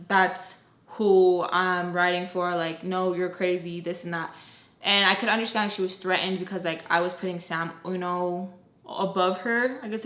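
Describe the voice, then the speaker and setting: A young woman telling a personal story to her viewers in a chatty, animated way, full of fillers and acted-out quotes. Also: mid-range voice, reverberant. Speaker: storytime vlogger. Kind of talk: casual storytelling.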